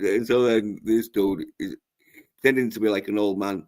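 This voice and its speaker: A man's voice: on the low side, normal speed, darkish tone. A man hosting a livestream, telling stories in a rambling, crude and profane way. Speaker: livestream host. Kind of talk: casual chat.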